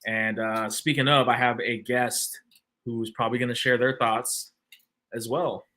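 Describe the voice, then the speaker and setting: A man hosting a livestream in a loose, casual way, full of "um"s and restarts. His voice has a bright, forward edge, sitting at an average pitch. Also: level tone, unhurried. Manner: laid-back, lots of fillers and restarts. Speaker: livestream host. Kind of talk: casual chat.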